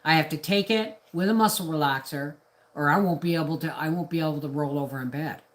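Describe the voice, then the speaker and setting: A middle-aged Canadian woman with a low-pitched voice talks fast on a casual live stream. She's a homestead vlogger, ranting in a rambling, indignant way and often restarting her thoughts.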